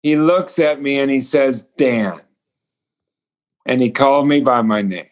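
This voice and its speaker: This guest, a male author and speaker on a remote call, recounts something personal with earnestness, performing the lines of dialogue. He has a mid-range voice and a normal speed.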